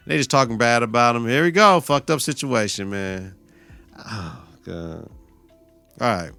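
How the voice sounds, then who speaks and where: Male podcast host, profane and animated, bright forceful voice, dry close mic. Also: mid-range voice, measured pace, creaky, no room sound, faint music behind. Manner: profane, animated retelling with laughter and mock outrage. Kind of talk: episode reaction podcast.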